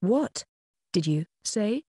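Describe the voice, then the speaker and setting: A frail, hard-of-hearing old woman, as read by an audiobook narrator, her questions jumping up in pitch. The voice is shaky and the recording is dry and close. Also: sing-song, slow pace, mellow, husky, no echo, heavily acted.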